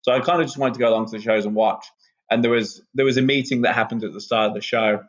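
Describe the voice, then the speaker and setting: A wrestler, relaxed and rambling with lots of ums, chatting as a guest on a podcast. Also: male voice, mid-range voice, fast talker. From England. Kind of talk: casual podcast interview. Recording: muffled lo-fi sound.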